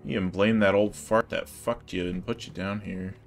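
A man's voice: sits low, fairly even intonation, moderate pace, soft background music. A man commenting casually as he plays a game, with a sarcastic, jokey and profane way of talking. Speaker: gamer playing through a game. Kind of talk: casual let's-play commentary.

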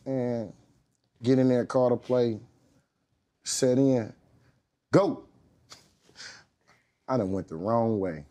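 A man in his thirties telling a story as a guest, relaxed and slangy, swearing freely and often asking "you know what I mean". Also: medium pitch, slow, pauses often. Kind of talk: casual storytelling.

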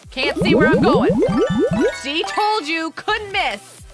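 A young woman chatting excitedly with viewers as she streams a game. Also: extremely high pitch, takes it slowly. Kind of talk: live gameplay commentary. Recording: game music behind. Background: game music.

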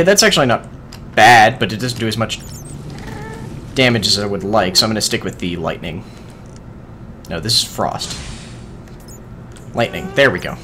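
A man gives casual let's-play commentary while he plays, excitable and quick to swear as he talks to the game's creatures. His pitch swoops up and down all the time. A faint hiss of noise sits under the voice. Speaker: gaming video host.

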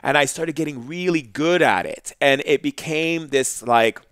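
Intense storytelling man, smooth voice. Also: a little high, a little slow, no room sound, clean studio sound. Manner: intense, animated storytelling with restarts, dropping soft for quotes. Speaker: shaman, podcast guest. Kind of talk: storytelling in conversation.

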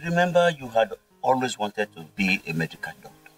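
A middle-aged Nigerian man acting in a film drama as a calm father, encouraging his son. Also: fairly low pitch, a little fast. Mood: reassuring. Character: steady middle-aged village father, reassuring. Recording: distant mic with faint music.

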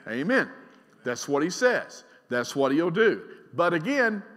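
A middle-aged man preaching a sermon as pastor. He is emphatic, swings between loud and quiet, and keeps asking the congregation questions. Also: on the high side, sing-song, measured pace. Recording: long reverb of a large church hall.

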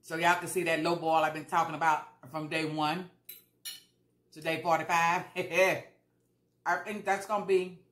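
A woman's voice: deep voice, little pitch movement, a little slow, fairly bright tone, roomy sound. A woman vlogger talking casually while she eats, chatty and repeating herself for emphasis. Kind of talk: casual mukbang chat.

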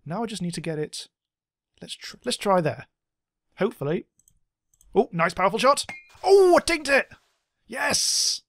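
A man giving casual let's-play commentary, excitable, swearing a lot and making silly sound effects. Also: high-pitched, a little slow, pauses often, no room sound, studio quality. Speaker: gameplay commentator.

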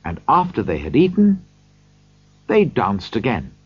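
Brief: male audiobook narrator, husky, dry close sound. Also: medium pitch, no room sound. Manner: slow, expressive reading. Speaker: audiobook reader. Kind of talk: storybook narration. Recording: dull lo-fi recording.

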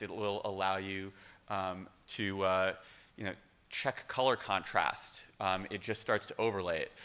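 A man's voice: on the low side, bright, forceful tone. A man giving a casual conference talk, with lots of um and uh and frequent restarts. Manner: casual, many fillers and restarts. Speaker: conference speaker. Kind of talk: conference presentation. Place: conference hall. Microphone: speaker microphone.

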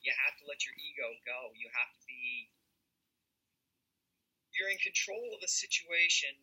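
A man's voice: on the high side, lively intonation, moderate pace, sharp tone, husky, low-quality recording. A man with a law enforcement background, chatting casually and telling anecdotes, acting out the people he quotes. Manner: anecdotal, acts out quoted voices. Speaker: guest. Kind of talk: casual storytelling chat.

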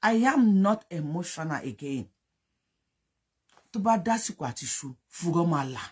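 Yoruba-accented political commentator, very husky and rough, fervent and accusatory, repeats for emphasis. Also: medium pitch, animated, normal speed, darkish tone. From Nigeria. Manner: fervent, accusing, switches between English and Yoruba.

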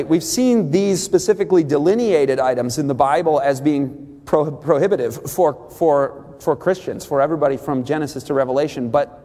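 Animated high-voiced man preaching. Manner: animated, rising sharply when excited, with quick asides and restarts. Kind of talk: sermon-style teaching talk. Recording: long hall reverb.

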